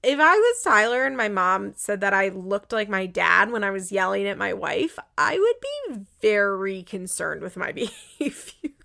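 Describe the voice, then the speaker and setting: A woman's voice: mid-range voice, sing-song, unhurried, creaky, pushed and bright. A woman giving a casual, rambling recap of a reality show, opinionated and indignant, with many "like" fillers. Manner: rambling, chatty, lots of "like" fillers.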